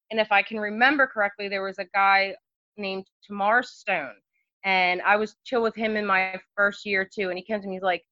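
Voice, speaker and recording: Young woman telling a story, lots of "like" and "um", sharp bright voice, dry kinda dull sound. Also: mid-range voice, dry recording. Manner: animated, many fillers and asides. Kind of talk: casual storytelling.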